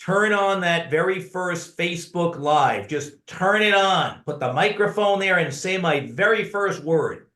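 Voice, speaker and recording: A man's voice: high voice, expressive, a little slow, bright, forceful tone. Earnest storytelling man in an echoey room. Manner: earnest storyteller who addresses the host by name. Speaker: podcast guest, author. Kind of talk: conversational storytelling.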